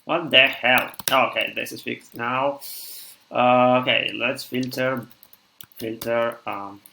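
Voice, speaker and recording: A man from Siberia speaks English with a thick Russian accent. His voice is bright and forceful, though he is worn out from hours of live coding. He thinks aloud and stops and restarts often as he reads code out. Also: medium pitch, fairly even intonation, takes it slowly, gravelly, slight background noise. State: tired after long streaming. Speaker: programmer streaming live.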